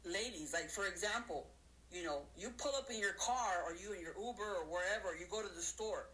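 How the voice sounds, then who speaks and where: A woman giving a casual motivational talk to her audience, counting off her points and acting out other people's voices in high squeals. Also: brisk, sharp tone, poor audio. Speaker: motivational speaker.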